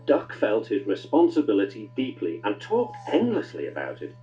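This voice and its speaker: A man narrating a children's story with expressive, swooping delivery. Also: moderate pace, muffled recording, soft background music. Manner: warm, expressive storytelling with big pitch swings.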